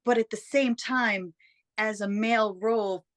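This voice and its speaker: A woman's voice: a little high, fairly even intonation, measured pace, a bit bright. A woman from San Francisco, a guest on a film podcast, reflecting thoughtfully on a movie's themes. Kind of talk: casual movie discussion.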